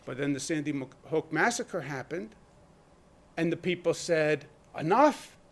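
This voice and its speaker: A man delivers a governor's press briefing in a fairly high voice, pressing each point with emphasis. He fires off rhetorical questions and lets deliberate pauses land.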